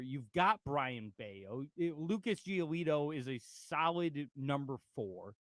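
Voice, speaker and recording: Lively sports radio host, man. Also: fairly high pitch, slow, no room sound, clean studio sound. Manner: animated, reads out chat comments. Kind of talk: casual sports talk.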